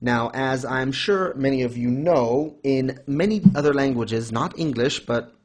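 Casual male co-host with a middle-pitched voice who lectures in a playful, mock-formal tone. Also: a little slow, slight background noise. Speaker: podcast co-host. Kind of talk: casual anime discussion.

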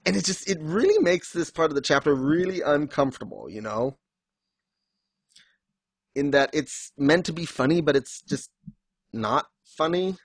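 A man in casual chat, recapping story scenes and acting out characters' lines in quick little voices, laughing often. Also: a little high, dry recording. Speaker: podcast co-host discussing a manga.

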